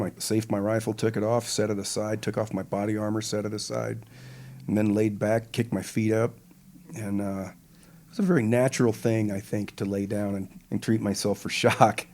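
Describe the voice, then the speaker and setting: A deep, low-pitched older man speaks as a podcast guest. He tells his story slowly and deliberately, lingering on vivid detail. His tone stays measured throughout. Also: level tone, a little mellow, a little hiss or hum. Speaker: podcast guest, retired pararescueman. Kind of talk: interview storytelling.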